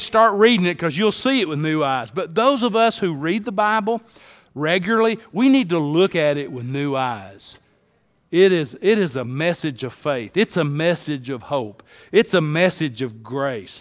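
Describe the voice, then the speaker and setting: Male pastor, sermon delivery, high voice, deliberate pace, hushed-to-emphatic swings. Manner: preacher cadence, drops to hushed lines then rises to emphatic calls. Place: church sanctuary. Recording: long hall reverb.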